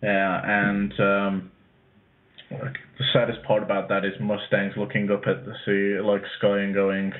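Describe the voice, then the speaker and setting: A man with a lowish voice co-hosts a casual anime chat, rambling and hesitant, sprinkling in fillers and curses. The sound is thin and narrow, as if heard over a telephone. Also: completely flat delivery, a little slow. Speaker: podcast co-host. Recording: tinny phone-like line.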